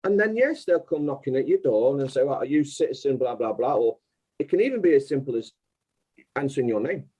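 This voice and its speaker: A man's voice: mid-range voice, lively intonation, a little fast, warm tone, husky, rough recording. A man speaking as an interview guest, explaining insistently and step by step.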